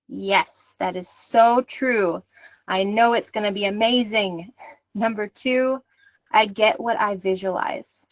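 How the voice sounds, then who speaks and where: A woman's voice: fairly high pitch, fairly bright tone, no room sound, muffled recording. A woman hosting an online workshop, talking in an earnest, reassuring way and reading audience comments aloud over a video call. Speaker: workshop host. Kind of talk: encouraging online workshop talk.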